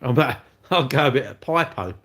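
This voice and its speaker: A man's voice: medium pitch, expressive, fairly quick, fairly bright tone, husky. A man, chatting cheekily and rambling to his livestream viewers while eating cake with his mouth full.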